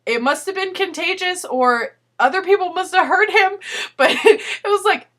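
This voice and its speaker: A woman's voice: very high voice, moderate pace, a bit bright. A young woman chatting casually in a personal video letter, telling a story and breaking into frequent giggles. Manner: giggly storytelling, laughs often.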